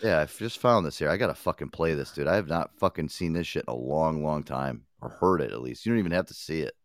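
Boisterous profane man, lively pitch. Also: fast, dry recording. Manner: profane, boisterous, laughs often. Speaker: podcast host. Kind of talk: crude casual chat.

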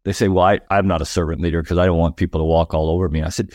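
A man's voice: low-pitched, level tone, rapid-fire, darkish tone, dry recording, studio quality. A man in his sixties, a guest on a talk show, speaking firmly and emphatically about leading people, repeating himself to drive a point home. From United States. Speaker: guest, retired army officer. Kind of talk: conversational talk on leadership.

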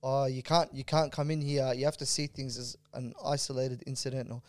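A man's voice: medium pitch, steady tone, brisk, dry recording. A man with a mid-range voice talks animatedly in a casual podcast, stumbling over restarts and tossing in "bro". His voice is recorded close and dry. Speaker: podcast co-host.

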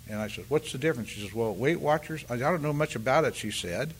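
An older man giving a halting, rambling personal share at a recovery meeting, full of restarts and "you know," and acting out the voices of the people in his story. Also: medium pitch, lively intonation, a little hiss or hum. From California, US. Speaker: speaker sharing at a recovery meeting.

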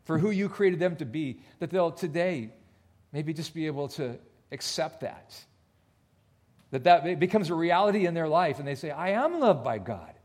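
Male pastor, earnest sermon delivery with hushed drops, slightly high voice. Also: moderate pace. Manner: earnest, dips to near-whisper on soft points. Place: church.

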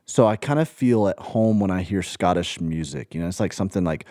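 A man's voice: low voice, animated, brisk, warm tone, dry recording. Rambling young man from Alabama, dry sound. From Birmingham, Alabama. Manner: rambling, searching for words, laughs often. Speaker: podcast co-host. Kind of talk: casual chat.

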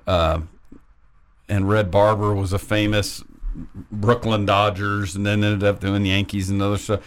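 A man co-hosting a sports talk radio show, chatting casually in a rambling, thoughtful way. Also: lowish voice. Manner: rambling and thoughtful, with many restarts.

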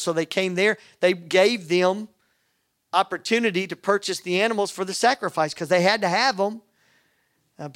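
A man preaching a sermon, telling a personal story with animated quoted dialogue. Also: high voice, dry recording, clean studio sound. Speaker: pastor.

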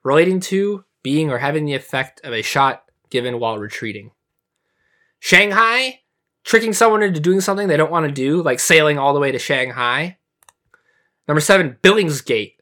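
A man's voice: fairly high pitch, animated, normal speed, sharp tone. Man co-hosting a word podcast. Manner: reads word definitions with playful asides. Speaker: podcast co-host. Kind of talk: casual podcast chat.

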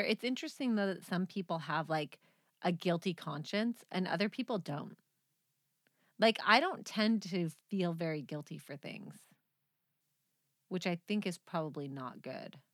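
A woman's voice: fairly low pitch, animated, unhurried, long pauses, no echo, clean studio sound. A woman co-hosting a podcast in casual chat, a rambling storyteller who laughs often. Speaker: podcast co-host.

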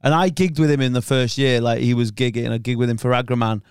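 A man's voice: mid-range voice, fairly even intonation, quick pace, a little mellow, clean tone, no room sound, clean studio sound. A man, a stand-up comedian, telling stories in a casual chat, laughing often and swearing.

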